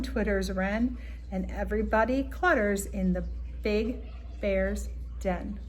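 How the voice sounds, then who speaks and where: A woman's voice: medium pitch, takes it slowly. A woman reading a picture book aloud in a rhythmic, playful way. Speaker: storybook reader.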